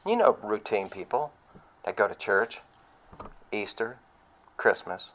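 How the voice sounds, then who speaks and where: A man's voice: on the low side, sing-song, slow pace, a bit bright. A man preaching a sermon in a conversational, emphatic way, full of rhetorical questions and mocking asides.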